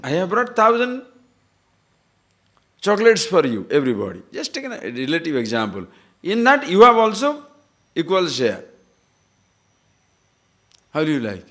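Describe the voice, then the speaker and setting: A man's voice: fairly high pitch, wildly swooping pitch, normal speed, pauses often, fairly bright tone. A man giving a scripture lecture as a spiritual teacher, asking rhetorical questions and repeating words for emphasis.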